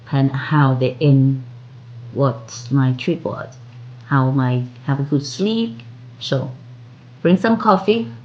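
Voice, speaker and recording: Thai woman chatting slowly in broken English. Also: sits low, darkish tone, muffled recording. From Thailand. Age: 50s. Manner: chatty, broken English, drawn-out friendly phrases. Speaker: vlogger. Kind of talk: casual chat to camera.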